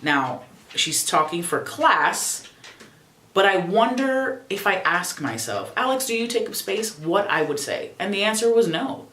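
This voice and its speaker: A young adult woman vlogging casually at home, expressive, profane and sassy. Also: medium pitch, measured pace, echoey room. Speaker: YouTuber. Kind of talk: casual reflective vlog.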